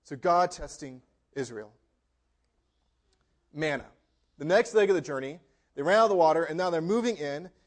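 Preaching man with a raised pitch. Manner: expressive preaching, dramatic pauses and emphatic scripture reading. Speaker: pastor. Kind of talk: sermon.

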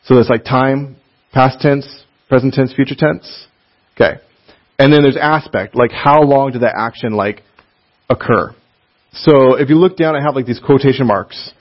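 A man's voice: mid-range voice, normal speed. Chatty male Bible teacher, lo-fi sound. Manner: animated, chatty, laughs often, reads passages aloud. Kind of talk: casual classroom lesson.

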